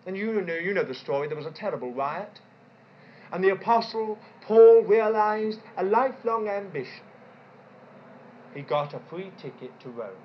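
A woman preaching a sermon in an animated way, asking rhetorical questions and repeating points for emphasis. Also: mid-range voice, moderate pace, slight background noise. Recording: dull lo-fi recording.

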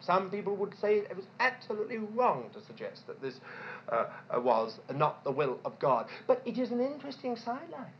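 A woman preaching a sermon in an animated way, asking rhetorical questions and repeating points for emphasis. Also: mid-range voice, a little fast, slight background noise. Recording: dull lo-fi recording.

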